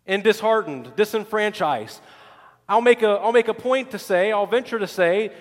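A man with a high-pitched voice preaches a sermon from a church pulpit. He leans on repeated phrases and restarts, building his points in rhythm. A long reverb from the sanctuary hangs behind his words. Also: fairly bright tone. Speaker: pastor.

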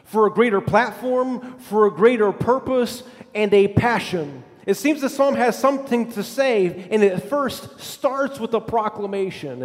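A man preaching a sermon as pastor, with an emphatic, repetitive cadence that drops low and soft for scripture. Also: animated, a little slow, hardly any pauses. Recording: long reverb of a large hall.

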